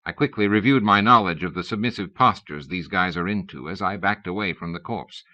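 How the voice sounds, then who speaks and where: A man reading an audiobook, narrating in a measured, wry storytelling manner. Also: low voice, pushed and bright. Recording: dull lo-fi cassette recording.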